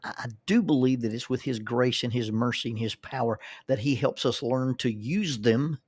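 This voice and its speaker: A man's voice: mid-range voice, moderate pace, a little mellow, slightly rough, dry recording, clean studio sound. A man, a counselor and minister, telling stories in a folksy way, often repeating words as he starts a thought. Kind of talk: storytelling monologue.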